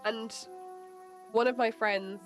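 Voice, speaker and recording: A woman's voice: fairly high pitch, fairly even intonation, slow, soft background music. A woman in her late twenties with an English accent, chatting casually with her stream viewers, laughing often and swearing freely. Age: late 20s. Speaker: livestreamer.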